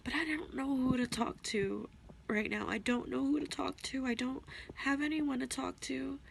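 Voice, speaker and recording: A young woman talking straight to her camera in an emotional confessional vlog, tearful and halting, repeating herself and sighing. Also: high voice, fairly even intonation, vocal fry, slight background noise. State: tearful, on the verge of crying. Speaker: vlogger. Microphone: camera mic.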